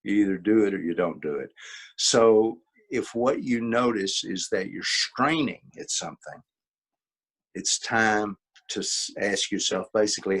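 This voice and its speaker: Low husky man teaching emphatically. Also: a little slow, a bit bright. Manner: emphatic, repeats key points, acts out quoted dialogue. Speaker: workshop presenter and author. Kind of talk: informal teaching talk.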